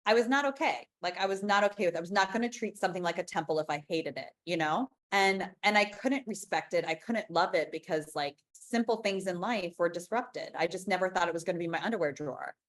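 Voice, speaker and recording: A woman's voice: on the low side, lively intonation, a little fast, few pauses. A woman in her forties, an interview guest talking frankly and emphatically, often restarting her sentences. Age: 40s. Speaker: interview guest, business founder. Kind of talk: candid conversational interview.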